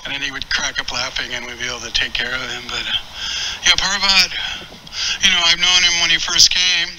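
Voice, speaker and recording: A man speaking at a memorial, reminiscing earnestly in a halting way with many restarts. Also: mid-range voice, little pitch movement, sharp tone, a little hiss or hum, poor audio. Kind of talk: memorial tribute talk.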